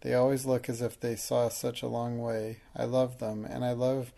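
A man's voice: medium pitch, flat delivery, normal speed, vocal fry, warm tone, natural voice. A man voicing a timid young schoolgirl who speaks with wide-eyed admiration. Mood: admiring.

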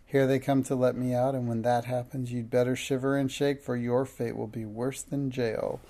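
A man reading as a fierce, gravelly old witch. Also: medium pitch, level tone, normal speed, mellow, lightly acted. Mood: triumphant. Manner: scornful, shrieking threats.

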